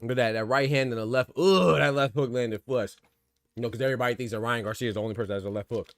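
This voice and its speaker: A man hosting live boxing commentary, excitable and slangy, shouting out big moments and talking casually to his viewers. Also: mid-range voice, rapid-fire, no echo, studio quality. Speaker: boxing commentator and channel host.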